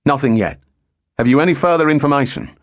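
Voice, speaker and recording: A man's voice: mid-range voice, fast talker, no room sound, clean studio sound, pitched above the performer's own voice, close to an everyday voice. A man voicing an eager young American male fighter pilot making radio calls.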